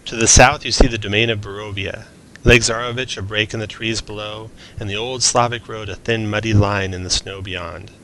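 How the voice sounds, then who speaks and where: A man's voice: fairly low pitch, fairly even intonation, moderate pace, a bit bright, slight background noise. A man narrating as game master of a tabletop role-playing game, mixing descriptive narration with casual asides.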